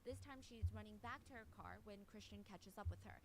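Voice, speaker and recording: A woman narrating the events of a true-crime case in a steady, recounting manner, quoting the people involved. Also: medium pitch, a little fast. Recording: noisy played-back video audio.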